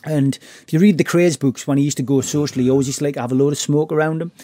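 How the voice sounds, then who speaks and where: A man's voice: fairly high pitch, fairly even intonation, racing, mellow, no echo. A middle-aged man telling stories in a casual interview, often restarting his words. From Newcastle, England. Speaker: podcast guest. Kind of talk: casual storytelling.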